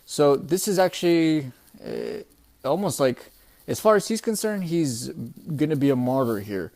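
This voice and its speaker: A young man recapping a comic chapter in a casual, excitable, profane way, often calling his listeners "bro". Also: on the high side, measured pace, creaky. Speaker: manga chapter reviewer.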